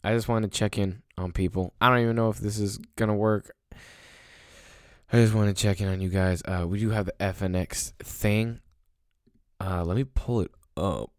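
Young man, low voice, dry sound, casual rambling, crude jokes, self-mocking. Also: fairly even intonation, moderate pace, no room sound. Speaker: vlogger.

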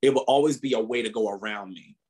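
A man co-hosting a podcast, chatting casually and telling stories animatedly, often laughing and rising in pitch when indignant. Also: fast, breathy edge. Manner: animated storytelling with frequent laughter. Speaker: podcast co-host. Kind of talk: casual chat.

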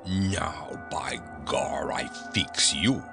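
A man voicing a rough, gleeful dog driver, shouting in broken English in an audiobook reading. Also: slow pace, over music, exaggerated voice. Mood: threatening. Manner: broken-English exclamations, loud, lively pitch jumps.

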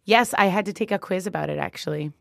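A woman's voice: lowish voice, quick pace, creaky, dry recording. Bubbly woman hosting a news podcast. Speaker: podcast host.

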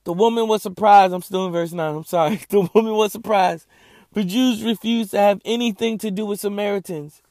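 A man with a high voice preaches through scripture with fiery conviction, swinging between sarcasm and passion. His sound is close and dry, with no room around it. He talks like a Bible teacher on his own show. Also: steady tone, fairly quick, darkish tone, no room sound. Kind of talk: impassioned Bible study.

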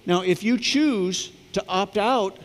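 Heard in a large hall, a middle-aged pastor with a high-pitched voice preaches slowly. He tells stories in his sermon, acting out the voices of the people in them.

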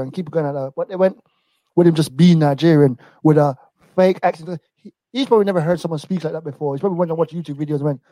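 A young man co-hosting a casual podcast chat, rambling and relaxed, laughing often. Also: on the high side, fast, no echo, poor audio. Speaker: wrestling podcast co-host.

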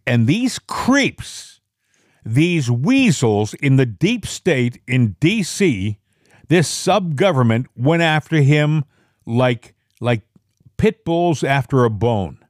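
A man's voice: mid-range voice, very animated, slow, dry recording, clean studio sound. A man hosting a political talk show, speaking in an indignant, rambling way. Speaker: podcast host.

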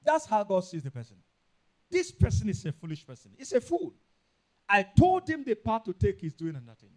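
A man with a Nigerian accent preaching a sermon, emphatic and repetitive, rising into loud bursts. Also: high voice, huge pitch swings, brisk. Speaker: pastor.

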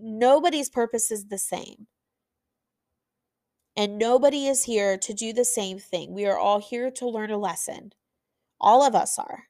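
A woman's voice: fairly high pitch, measured pace, pauses often, a little mellow, no room sound, clean studio sound. A woman hosting a podcast, talking with passionate, emphatic energy in a motivational monologue. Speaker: podcast host.

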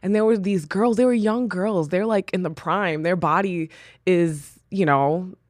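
A woman's voice: fairly low pitch, a little slow, dry recording, clean studio sound. A woman hosting her own podcast, giving an earnest, personal, faith-based encouragement talk drawn from her own experience. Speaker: podcast host.

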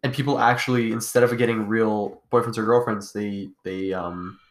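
A man's voice: lowish voice, steady tone, moderate pace. Slangy young man in casual chat. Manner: loose, slangy and profane, many fillers. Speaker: podcast co-host.

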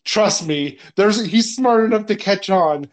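A man's voice: high-pitched, expressive, measured pace. A man, a film director, chatting casually on a podcast, telling crude anecdotes and laughing often.

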